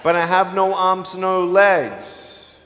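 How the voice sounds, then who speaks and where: A man giving an earnest, personal inspirational speech to a live audience, mixing in quick jokes. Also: high voice, fairly even intonation, a bit bright. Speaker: motivational speaker. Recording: echoey hall with long reverb.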